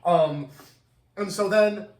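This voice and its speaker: A man with a fairly high voice chats loosely through a podcast recap and swears freely. His sentences wander through fillers and restarts. He sounds roomy and echoey, as if he is sitting back from the mic. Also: takes it slowly, darkish tone. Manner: rambling, lots of fillers and swearing. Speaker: podcast host. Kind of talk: casual podcast chat recapping a film. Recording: echoey room, far from mic.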